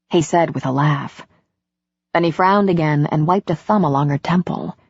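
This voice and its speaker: Husky woman narrating a romance novel. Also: sits low, moderate pace, darkish tone, dry recording. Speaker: audiobook narrator. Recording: dull lo-fi audiobook recording.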